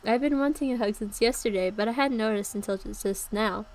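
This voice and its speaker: A woman's voice: a little high, brisk, dry recording, low-quality recording. A young woman in her early twenties reading her old novel aloud on a stream, laughing at her own writing.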